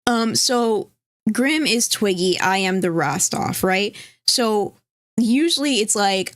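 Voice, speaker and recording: A woman's voice: medium pitch, animated, slow, no room sound, studio quality. A woman co-hosting a casual livestream, rambling, reading chat aloud and swearing casually. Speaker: stream co-host.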